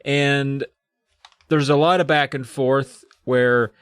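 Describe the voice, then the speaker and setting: A man's voice: medium pitch, takes it slowly, clear, resonant tone, no echo, studio quality. A man co-hosting a podcast who recaps a story in casual chat and acts out the quotes. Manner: animated, acts out quotes in put-on voices. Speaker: podcast co-host.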